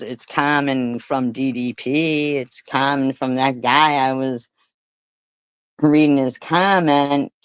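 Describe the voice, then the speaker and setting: This woman hosts a casual livestream with a slow, deliberate delivery. Her voice is smooth and clear, and the sound is dry and close. She confronts commenters with sarcasm. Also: rumbling low, dry recording. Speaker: livestream host.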